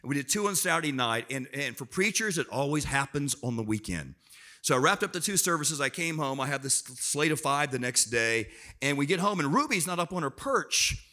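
Middle-aged man preacher, high-ish bright voice, lively anecdotal sermon delivery. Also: a little fast. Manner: animated storyteller, acts out family members in raised voice. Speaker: pastor. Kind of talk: sermon with personal stories.

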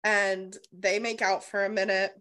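A woman co-hosting a casual book-club podcast, retelling the plot in an animated way and swearing freely. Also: mid-range voice, measured pace. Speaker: podcast co-host.

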